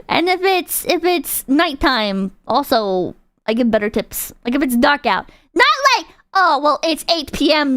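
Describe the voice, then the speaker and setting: Female streamer, high and animated, rambling profane reaction chat. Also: no room sound, clean studio sound. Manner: rambling, profane, laughs often.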